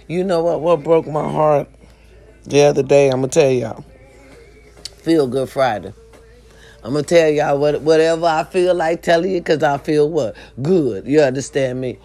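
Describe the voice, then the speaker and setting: Chatty, preachy woman with a low voice. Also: moderate pace, warm tone, soft background music. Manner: chatty and preachy, often asks "you understand me?". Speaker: vlogger. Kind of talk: casual motivational talk to camera.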